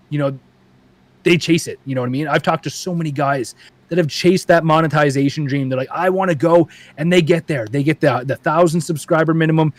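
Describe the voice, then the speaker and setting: Animated man on a podcast. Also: fairly high pitch, dry recording. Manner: animated storyteller, acts out quoted voices. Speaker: paintball YouTube creator, guest. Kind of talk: casual podcast chat.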